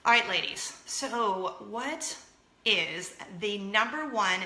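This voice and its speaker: This vlog host, a woman in her thirties, gushes cheerfully and addresses her viewers directly. Her mid-range voice is slow, expressive, pushed and bright, with a reverberant sound.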